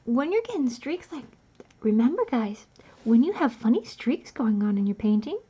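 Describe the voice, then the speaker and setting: A woman's voice: fairly high pitch, very animated, moderate pace, husky. Lady doing a sing-songy minnesotan tip giver, hammy and folksy, kinda muffled lo-fi sound. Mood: folksy advice. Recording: dull lo-fi sound.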